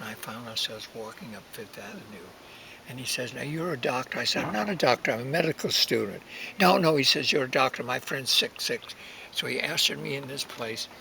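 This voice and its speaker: A man's voice: mid-range voice, vocal fry. An older man telling a long story in a casual way, acting out the people in it and sometimes dropping to a whisper. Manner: acts out quoted voices, drops to whispers. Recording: distant mic with loud background noise.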